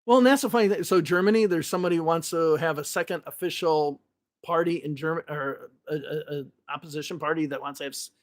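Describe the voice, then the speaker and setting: This podcast host is an English teacher from Chicago, United States, speaking with a Northwest suburban Chicago accent in a fairly high pitch and at a fast pace. He talks casually and bluntly, swearing and rambling with frequent restarts.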